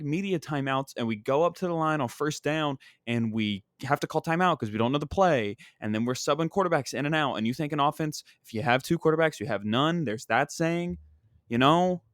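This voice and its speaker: A man's voice: medium pitch, fairly bright tone, dry recording, clean studio sound. A young man, a comedian hosting his own podcast, chatting casually and venting in a rambling, exasperated way as a sports fan. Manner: rambling, exasperated sports-fan venting with frequent "you know what I mean". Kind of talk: casual solo podcast chat.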